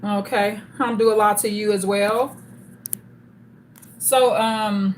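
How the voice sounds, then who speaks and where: Slow-talking woman hosting a live stream. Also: mid-range voice, fairly even intonation, a little hiss or hum. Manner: slow, chatty, greets viewers by name. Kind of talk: casual live stream chat.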